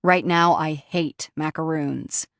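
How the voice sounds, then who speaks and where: A woman's voice: low voice, steady tone, slow pace, gravelly, a bit bright, dry recording, studio quality, exaggerated voice. A woman reading a teasing young lover. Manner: teasing, playful.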